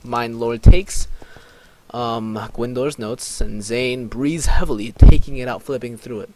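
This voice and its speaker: Slow-talking, chuckling let's play guy. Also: medium pitch, warm tone, a little hiss or hum. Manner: laid-back, chuckling, reads out chat. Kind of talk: casual game commentary.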